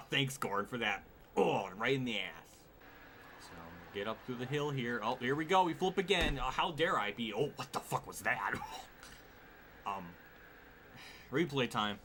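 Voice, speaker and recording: A man's voice: medium pitch, a little slow. A man streaming a racing game at his desk at home, giving live commentary full of exasperated, swearing outbursts. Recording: steady background noise.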